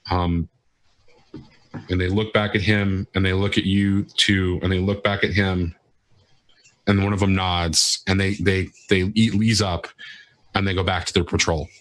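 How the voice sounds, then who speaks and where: A man narrating as game master for a tabletop game, halting, with many fillers and restarts. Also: deep voice, little pitch movement, a bit bright.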